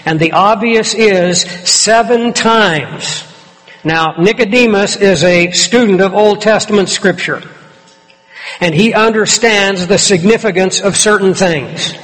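A male preacher with a notably high voice delivers an expository sermon, leaning hard on key words. His voice rings out with a long reverb tail, as in a church sanctuary. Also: slow pace, fairly bright tone.

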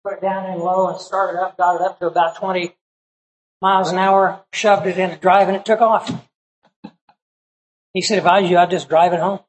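A man's voice: sits high, level tone, moderate pace, long pauses, low-quality recording. A middle-aged man, a pastor, telling a personal story in a sermon in a folksy, conversational way, acting out the people he quotes.

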